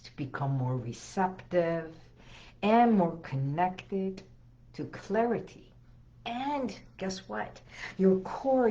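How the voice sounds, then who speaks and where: A hypnotherapist woman giving an inspirational talk to camera, speaking slowly and soothingly with gentle emphasis and repetition. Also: medium pitch, dull audio. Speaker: hypnotherapist and healing coach.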